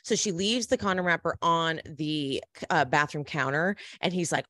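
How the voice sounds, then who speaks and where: A woman's voice: fairly low pitch, moderate pace, no echo, studio quality. A woman podcast host casually recapping a TV show, animatedly acting out the characters' lines. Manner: animated, acts out quoted characters.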